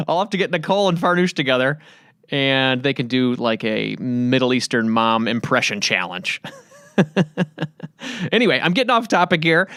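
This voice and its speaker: Lively-voiced male podcast host. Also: mid-range voice, normal speed, smooth, no echo, clean studio sound. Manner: chatty, upbeat, laughs easily. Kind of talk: casual podcast outro. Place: on the road, traveling.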